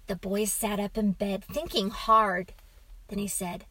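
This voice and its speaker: A woman narrating a children's storybook in a calm, even reading voice. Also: medium pitch, measured pace, no room sound, rough recording.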